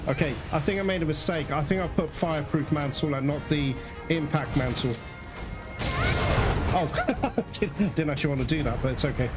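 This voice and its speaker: Frustrated gaming man over loud music. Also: a little high, moderate pace. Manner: frustrated, swearing, apologizing to viewers. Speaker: gaming streamer. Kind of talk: let's play commentary. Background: loud game music.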